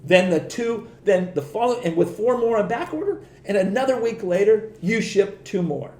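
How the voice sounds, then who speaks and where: A middle-aged man telling stories on a podcast in a casual, animated way, laughing often and acting out the voices of the people he quotes. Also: high voice, normal speed, roomy sound. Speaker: podcast guest. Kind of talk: casual storytelling.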